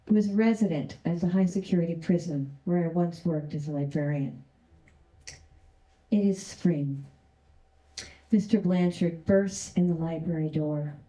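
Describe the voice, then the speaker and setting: A woman telling a personal story on stage, unhurried and deliberate. Her voice is low and very dark. A roomy hall echo hangs around every line. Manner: slow, deliberate, present-tense narration. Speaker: storyteller, former prison librarian. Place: stage at a community arts event.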